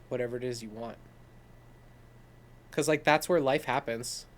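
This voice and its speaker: A man's voice: mid-range voice, moderate pace, long pauses. A man co-hosting a podcast, talking casually and swearing freely as he tells stories. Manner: swears freely, animated storytelling with laughs. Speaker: podcast co-host. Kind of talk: casual conversation.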